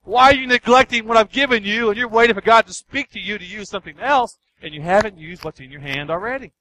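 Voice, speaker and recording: A man's voice: high voice, fast, low-quality recording. A man voicing the gift in a person's hand, calling out insistently to be used. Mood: urgent. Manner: shouting urgently.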